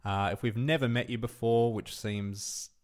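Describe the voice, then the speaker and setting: A man's voice: medium pitch, steady tone, normal speed, darkish tone. A young Australian man with a mid-range voice co-hosts a casual podcast. He talks chattily, laughs easily and plays the straight man to his co-host's jokes. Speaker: podcast co-host. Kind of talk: casual chat.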